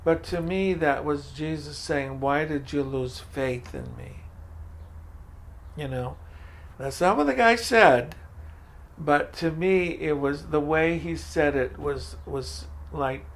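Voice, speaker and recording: A man's voice: on the high side, slow pace. An older man telling his story in an oral history interview, acting out the voices in his dialogues. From Franco-American, from Maine. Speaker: food pantry director.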